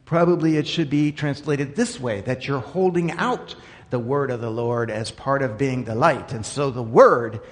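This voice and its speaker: A man preaching a sermon in an earnest way, dropping to quiet asides and then rising to emphatic points. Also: mid-range voice, moderate pace, long reverb tail. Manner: earnest, swings between quiet asides and emphatic raised lines. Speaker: pastor.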